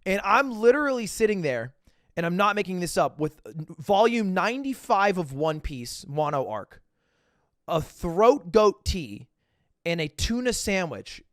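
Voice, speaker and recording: Livestreaming to his chat, a young man tells a casual story, acting out the dialogue and swinging between loud bursts and low asides. His pitch swings widely at a measured pace. The recording is dry, with clean studio sound.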